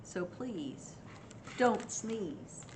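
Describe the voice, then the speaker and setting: An older woman voicing a glum hippopotamus in a storybook, pleading in a low, quiet voice. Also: lively intonation, very slow, noisy background.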